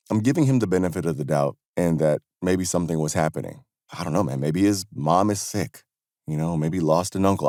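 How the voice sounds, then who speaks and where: Guy with a real low voice just rambling on his podcast, lots of "you know, man", dry close sound. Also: creaky, warm tone, no room sound. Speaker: podcast host. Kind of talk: casual monologue.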